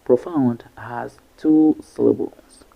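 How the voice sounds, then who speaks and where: A man with a husky, gravelly voice teaches English pronunciation, repeating each syllable slowly and deliberately. His delivery is unhurried and methodical, and the recording sounds dull and lo-fi. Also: medium pitch. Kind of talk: pronunciation lesson.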